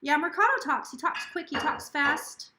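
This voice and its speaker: Casual livestream host: chatty woman, high bright voice, echoey home room. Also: fairly even intonation, moderate pace, background noise. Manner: chatty and gushing, relays a spirit's words in quotes. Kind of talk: casual live-stream chat. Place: home, near a kitchen.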